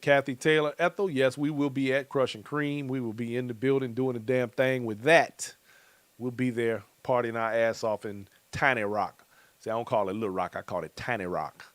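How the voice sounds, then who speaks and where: Middle-aged man, host, colloquial and joking, mid-pitched voice, dry close sound. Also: dry recording. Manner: loose, joking, colloquial, chuckles often. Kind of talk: casual chat reading viewer comments.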